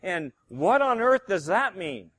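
A man's voice: high-pitched, big pitch swings, unhurried, fairly bright tone. A male pastor preaching a sermon, emphatic and fond of rhetorical questions to his congregation.

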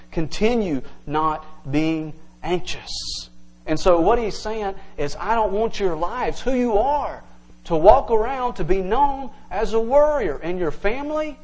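A man's voice: sits high, a little mellow, poor audio. A male pastor preaching an earnest, emphatic evening sermon to his congregation, teaching verse by verse.

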